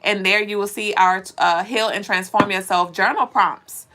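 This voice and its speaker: A woman's voice: medium pitch, fairly even intonation, moderate pace, very noisy. A woman hosting a live spiritual card reading, talking bluntly and preachily and swearing now and then. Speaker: spiritual reader.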